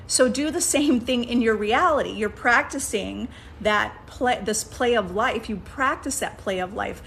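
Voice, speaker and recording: A woman's voice: mid-range voice, vocal fry, slight background noise. A woman giving a casual coaching talk as a manifestation coach, coaxing her listeners and checking in with frequent "okay?" and "right?". She often restarts sentences while thinking aloud.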